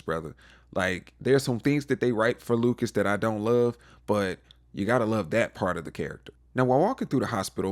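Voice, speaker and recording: Brief: young male recap host, lively slangy storyteller, slightly low voice. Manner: animated storyteller, acts out characters' lines with playful slang. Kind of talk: casual TV recap commentary.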